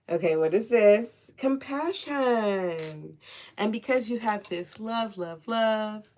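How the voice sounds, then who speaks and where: Woman, tarot reader, casual spiritual talk, profane, laughing, mid pitch. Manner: laid-back, profane, laughing often.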